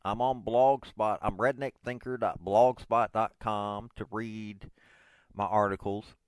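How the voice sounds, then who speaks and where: In his forties and hosting his own podcast, this man rambles casually and pokes fun at himself, filling his speech with hesitant fillers. His lowish voice is smooth and unhurried with fairly even intonation, and there's no room sound.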